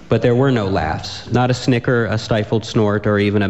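A man reading a comic story aloud with a dry, deadpan delivery. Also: lowish voice, normal speed, few pauses, muffled recording.

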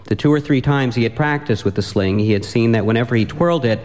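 A man reading a comic story aloud with a dry, deadpan delivery. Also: mid-range voice, fast, lo-fi sound.

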